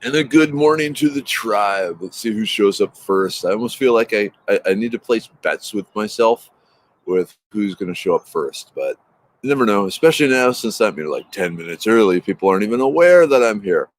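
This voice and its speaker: A man's voice: on the low side, lively intonation, normal speed. Upbeat man chatting on a morning livestream. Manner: upbeat, greets viewers by name, rambling asides. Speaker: livestream host greeting viewers. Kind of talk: casual morning livestream chat. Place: outdoors in a backyard. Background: traffic noise.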